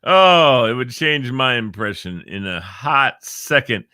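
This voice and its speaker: Speaking slowly at a medium pitch, a male host of a live encouragement stream reads uplifting quotes and cracks jokes, addressing viewers by name in an animated way. The recording is dry and studio-clean.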